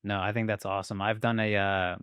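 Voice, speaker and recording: Podcast host guy, low voice, talks quick, lots of "like", smooth and dry. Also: level tone, fairly bright tone, no room sound. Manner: laid-back, frequent "like" fillers. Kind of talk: casual interview chat.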